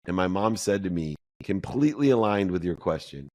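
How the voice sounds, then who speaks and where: A man's voice: low voice, animated, fairly quick, darkish tone, dry recording. A middle-aged man, a guest in an interview, telling a personal story with emotion and repeating phrases for emphasis. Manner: emotional retelling, acts out dialogue in a raised voice.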